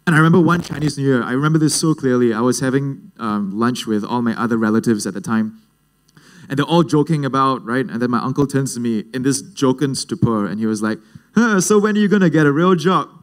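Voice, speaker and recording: A young man in his twenties with a Singaporean English accent, giving a personal storytelling talk at a youth event. He speaks casually and jokes around, keeping the story lively, in an ordinary mid-range male voice. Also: mid-range voice, fast talker.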